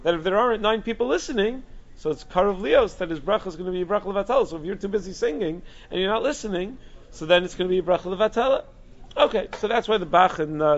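Animated man teaching Jewish law. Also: sits high. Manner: lively, animated lecturing with Hebrew terms. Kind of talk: halacha class. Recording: dull lo-fi recording.

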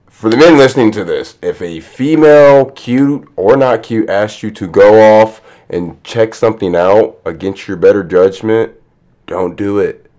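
A man's voice: low-pitched, dark tone. A man co-hosting a podcast, joking and talking straight to listeners. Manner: jokey, addresses listeners. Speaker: podcast co-host. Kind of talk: casual movie chat.

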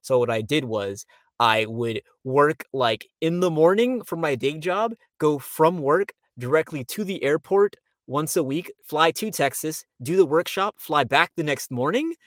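A man's voice: a little high, expressive, measured pace, fairly bright tone, dry recording, clean studio sound. Chatty young man telling stories. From Florida. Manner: chatty, loose storytelling with many fillers. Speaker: voice actor guest. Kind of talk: casual interview.

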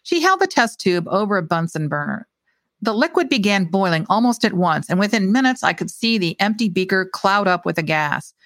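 A woman narrating a first-person mystery novel in a wry, steady storytelling manner. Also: mid-range voice, a little fast, no room sound. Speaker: audiobook narrator.

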